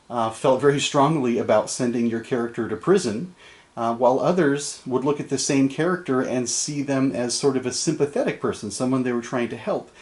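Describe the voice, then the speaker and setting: A man's voice: medium pitch, a little mellow. A middle-aged male English teacher giving a casual recorded lecture in his classroom, chatty and joking, with many ums and uhs. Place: classroom with a board behind him.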